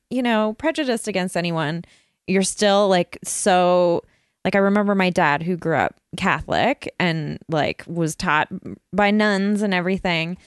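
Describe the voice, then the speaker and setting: A woman's voice: on the low side, clean tone, no room sound, studio quality. A woman hosting a podcast, chatting playfully and laughing often as she tells anecdotes. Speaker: podcast host. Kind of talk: casual podcast chat.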